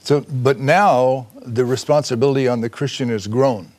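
A man's voice: medium pitch, fairly even intonation, normal speed, a little mellow. A man co-hosting a Bible discussion, adding his points earnestly and with emphasis. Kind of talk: conversational Bible teaching.

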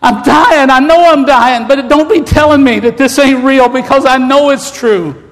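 Man preacher, very high voice, fervent sermon, long hall echo. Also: moderate pace. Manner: fervent, rising to shouts. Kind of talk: emotional sermon. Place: church.

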